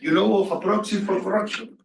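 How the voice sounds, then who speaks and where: Male lecturer, high voice, repeats himself, roomy distant sound. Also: fairly even intonation, brisk, vocal fry, slight background noise. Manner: questions the students, repeats phrases. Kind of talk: classroom lecture. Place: classroom. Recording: echoey distant room recording.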